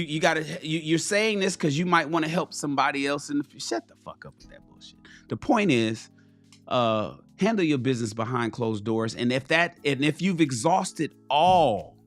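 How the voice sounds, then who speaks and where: A man ranting bluntly and profanely on a casual live stream, preaching to his viewers. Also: medium pitch.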